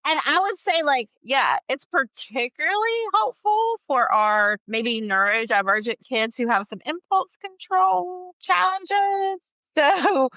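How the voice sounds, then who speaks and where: A woman talking casually as a podcast guest, chatty and quick to laugh, with lots of "like" in her speech. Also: high-pitched, no room sound, dull audio. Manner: chatty, laughs often, fillers like "like". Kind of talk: casual chat.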